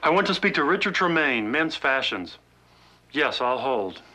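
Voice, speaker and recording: An actor playing an earnest, nervous young deputy in a TV drama, talking stiffly on the phone. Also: male voice, medium pitch, very animated, normal speed, noisy background, lightly acted.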